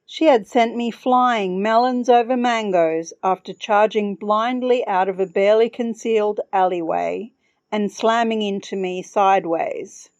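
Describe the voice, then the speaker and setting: A woman's voice: mid-range voice, a little slow, a little mellow, no room sound, highs cut off. A woman podcast host reading her own travel story aloud with wry humor.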